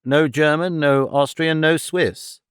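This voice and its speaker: A man voicing a sharp, brisk detective who lays out his deductions in a crisp, decisive way. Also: on the high side, fairly even intonation, no room sound, clean studio sound, voice pushed up.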